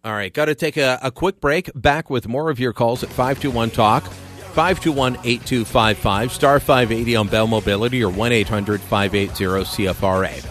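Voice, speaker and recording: A man's voice: mid-range voice, normal speed, fairly bright tone, soft background music. A man hosting a call-in radio talk show, opinionated and sarcastic with punchy emphasis, speaking into a studio microphone.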